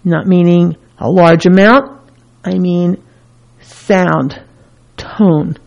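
A woman's voice: fairly low pitch, fairly even intonation, extremely slow, creaky, long pauses, darkish tone. A woman therapist in a casual teaching talk, who acts out the feelings she names with her voice. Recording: dull lo-fi recording.

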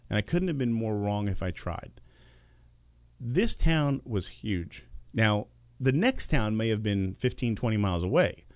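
A man's voice: medium pitch, vocal fry, a little mellow, dry recording. A middle-aged man hosting a business talk radio show, giving an emphatic, lecturing monologue into a studio microphone.

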